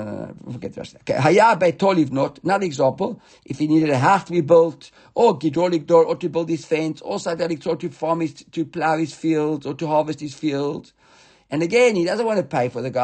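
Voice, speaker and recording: A man's voice: on the high side, darkish tone, husky. A man teaching an informal Talmud study class, reading passages aloud and explaining them in English with frequent restarts and self-corrections.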